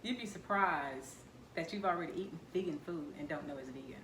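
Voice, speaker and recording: A woman's voice: low voice, a little fast, roomy sound, background noise. A woman hosting a casual food vlog, chatting and teasing her guest with questions. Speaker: vlogger host. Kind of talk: casual chat during a mukbang.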